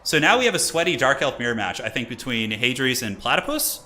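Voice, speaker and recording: Male streamer-caster, chatty live commentary, lively pitch swings, bright forward tone. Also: brisk, slight background noise. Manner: animated, chatty, talks to viewers in chat.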